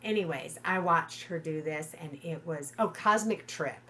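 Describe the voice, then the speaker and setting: A middle-aged woman chatting casually on a livestream from home, gushing and excitable. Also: deep voice, a little slow, slight background noise. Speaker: livestream host.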